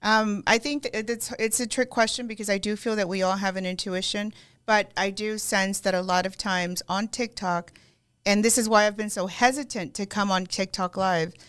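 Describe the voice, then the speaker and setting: Smooth-voiced middle-aged woman, gentle. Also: medium pitch, steady tone, moderate pace. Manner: gentle, reassuring, affirming. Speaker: psychic card reader and co-host. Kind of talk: casual podcast chat.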